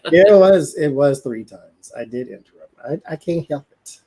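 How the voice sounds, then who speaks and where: A man's voice: on the high side, lively intonation, unhurried, mellow, slightly rough, low-quality recording. A man with a Southern country accent chatting casually on a livestream, rambling, interrupting himself and laughing often. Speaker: co-host.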